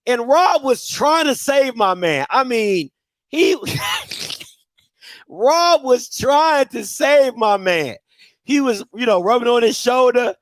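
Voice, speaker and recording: A man hosting a call-in show, commenting loudly and laughing, often acting out other people's voices. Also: extremely high pitch, animated, slow, no echo. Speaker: show host.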